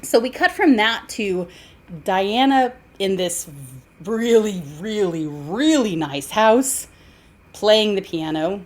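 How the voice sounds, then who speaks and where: A woman's voice: mid-range voice, lively intonation, slow pace, a little mellow. A woman co-hosting a podcast, chatting casually about an old film, laughing and incredulous. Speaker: podcast co-host.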